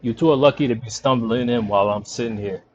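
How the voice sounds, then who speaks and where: A man's voice: medium pitch, fast talker, a little hiss or hum, lightly acted. A man doing a cocky scruffy barfly sleuth. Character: boastful scruffy male bar regular detective.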